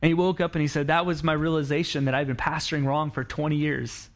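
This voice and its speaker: A man's voice: on the high side, little pitch movement, fast talker. A man giving a sermon as a pastor, talking conversationally and acting out quoted lines in the story he tells. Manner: conversational preaching, acts out quoted lines, frequent restarts.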